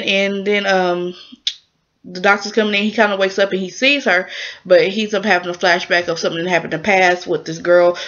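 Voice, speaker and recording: Woman vlogger, mid-pitched, rambling casual recap with lots of fillers; dull lo-fi sound. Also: a bit bright. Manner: rambling, chatty, full of fillers and exclamations. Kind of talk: casual spoken episode recap.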